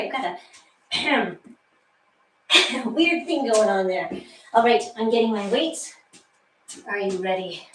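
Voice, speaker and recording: Woman fitness instructor, out of breath, cheerful and chatty, slow delivery, echoey room with the voice from off-mic. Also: fairly high pitch, far from the mic, noisy background. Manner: cheerful, chatty, laughs at herself. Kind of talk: workout class instruction.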